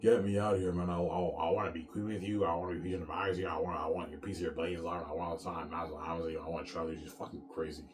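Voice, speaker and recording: A man in his thirties with a low, level voice talks very fast with hardly any pauses. He's an author vlogger ranting casually and profanely to his viewers, rambling, repeating words, restarting often, and tacking "man" onto his sentences.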